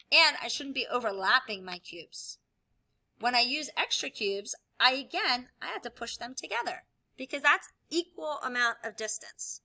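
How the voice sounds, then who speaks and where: A woman teacher explaining a lesson while she demonstrates with objects, upbeat and clear. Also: sits high, bright, forceful tone. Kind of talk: classroom video lesson.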